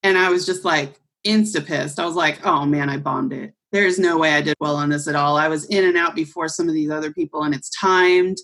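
A woman's voice: low voice, steady tone, fairly quick, hardly any pauses, fairly bright tone. A young adult woman on a podcast, telling a story casually and acting out the voices of people she quotes. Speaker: podcast co-host.

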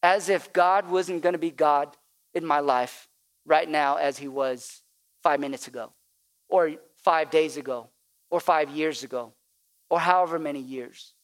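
A male pastor preaching a sermon, with call-and-response and repetition that builds to emphatic peaks. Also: on the high side.

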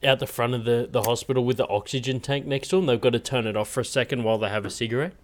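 Young aussie guy chatting, mid-pitched, crude jokes. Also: rapid-fire. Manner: crude, joking banter. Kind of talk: casual chat.

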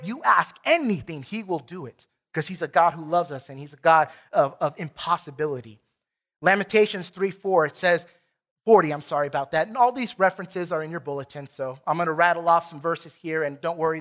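A pastor with a Texan accent preaching an earnest, emphatic sermon in a church and reading scripture aloud. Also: male voice, sits high, sharp tone. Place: church sanctuary.

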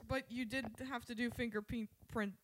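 A woman's voice: on the high side, steady tone, normal speed, slight background noise. A woman arguing bluntly and swearing in casual chat.

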